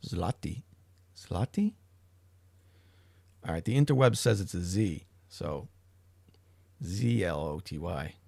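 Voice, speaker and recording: Gravelly-voiced man rambling on a livestream. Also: sits low, lively intonation, unhurried, a little mellow, dry recording. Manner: rambling, profane, self-interrupting. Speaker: livestream host. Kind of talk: casual livestream chat.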